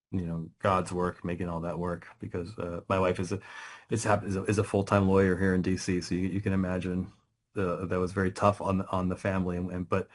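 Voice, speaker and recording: A man, a guest writer in a casual interview, telling stories with lots of restarts, quick laughs and rising excitement. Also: sits low. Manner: animated storytelling, many restarts, laughs often.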